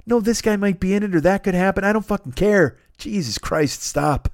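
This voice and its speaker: A man's voice: high voice, moderate pace, no room sound, studio quality. A man in his forties hosting a comedy podcast, ranting in an exasperated, profane, rambling way with stammered restarts. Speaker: podcast host. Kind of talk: comedic rant.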